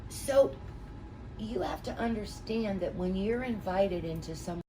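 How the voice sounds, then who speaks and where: A middle-aged woman with a medium-pitched, dark voice leads a real estate training session for a small group, speaking at a measured pace. Her style is folksy and chatty, full of anecdotes, and the distant mic picks up room noise.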